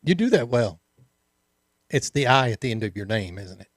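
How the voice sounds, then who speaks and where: A man's voice: mid-range voice, very animated, moderate pace, no echo, clean studio sound. A man co-hosting a live talk show, easygoing and laughing along with his partner. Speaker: co-host. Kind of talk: casual live show banter.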